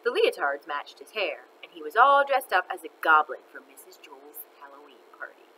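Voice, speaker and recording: Expressive woman reading a children's book aloud, bright voice. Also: lowish voice, normal speed, slight background noise, low-quality recording. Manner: expressive, animated, laughs between lines. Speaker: storyteller.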